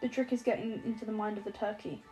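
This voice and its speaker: A woman voicing a drowsy, dry-witted young man, teasing in a deadpan, mock-solemn way. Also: medium pitch, fast, faint music behind, close to an everyday voice.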